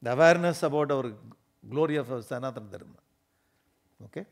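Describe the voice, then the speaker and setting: A man giving an animated, emphatic spiritual discourse, often laughing as he talks. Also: mid-range voice, quick pace, long pauses.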